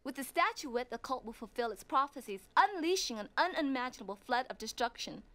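A woman's voice: high voice, lively intonation, brisk, fairly bright tone. An actress playing a cold, ruthless female crime boss in a video game, speaking in imperious, clipped threats. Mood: grave. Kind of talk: full-motion video game acting.

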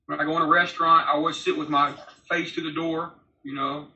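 A man in his forties, once a prisoner, tells his story in a candid interview, rambling bluntly and swearing freely. His voice is fairly high and sharp, delivered flatly and a little fast. The remote audio sounds roomy, distant and slightly dull.

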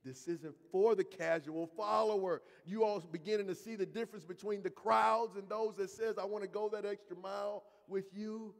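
A high-voiced man, preaching a sermon. He leans into emphatic, drawn-out phrases and keeps calling out to the congregation. His voice rings with the long reverb of a church hall. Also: fairly even intonation, gravelly. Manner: preaching with emphatic slow repetition and call-outs to the congregation. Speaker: pastor. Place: church sanctuary.

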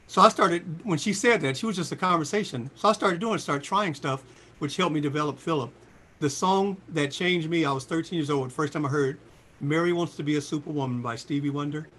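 A man in his sixties, a singer, telling lively stories in a casual interview and jumping into high voices for quotes. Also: brisk, husky. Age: 60s. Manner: animated storyteller, jumps into high voices for quotes. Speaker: singer and guest.

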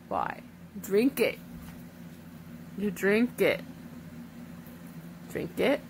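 A woman's voice: mid-range voice, a bit bright, a little hiss or hum. A young woman in casual chat with her toddler, coaxing and praising her in sing-song baby talk. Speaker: mother filming her toddler. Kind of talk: casual home vlog.

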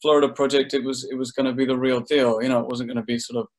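A man's voice: medium pitch, flat delivery, racing. Laid-back British man, joking around. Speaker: actor being interviewed. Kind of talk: casual promotional interview.

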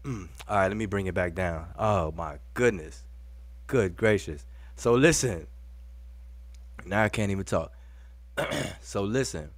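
A man's voice: deep voice, measured pace, pauses often, no room sound. Laughing man hosting a live stream. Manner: breaks into long fits of laughter; informal, addresses viewers as y'all. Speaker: host of a live video show. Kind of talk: casual live-stream commentary.

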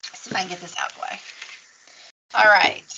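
A woman's voice: mid-range voice, fairly even intonation, fast, gravelly, bright, forceful tone, muffled recording, slight background noise. A woman teaching a casual painting lesson at a craft table, chatty and encouraging as she explains each step. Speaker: craft instructor.

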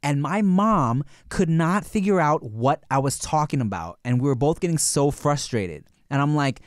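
A man's voice: a little high, moderate pace, few pauses, dry recording, clean studio sound. A man hosting a podcast, telling stories casually with swearing and acted-out quotes. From United States. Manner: animated storyteller, swears casually, acts out quotes. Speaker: podcast host.

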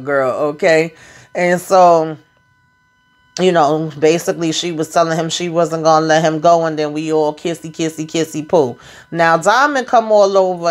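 Sassy woman recapping a TV episode. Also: deep voice. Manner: sassy, animated, acts out the characters' lines. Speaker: show recap reviewer. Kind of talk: casual recap commentary.

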